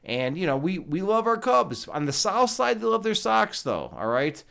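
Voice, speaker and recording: A man's voice: sits high, very animated, normal speed, vocal fry, fairly bright tone, clean tone. Profane man chatting live. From Chicago. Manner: profane, loose and rambling. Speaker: livestream host. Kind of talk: casual chat reading live comments.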